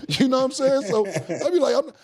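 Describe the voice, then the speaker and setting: A middle-aged man, a guest in a podcast studio, telling stories in a casual, animated way with plenty of slang and profanity and acting out other people's lines. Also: very high voice, a little fast, crowd noise. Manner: animated, acts out quoted dialogue, heavy slang and profanity. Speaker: guest rapper in a studio conversation. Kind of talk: casual storytelling.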